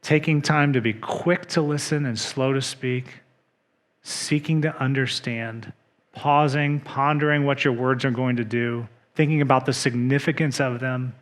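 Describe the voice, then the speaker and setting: A man preaching a sermon as pastor, measured and earnest, dropping to soft emphasis on key points. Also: medium pitch, steady tone. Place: church.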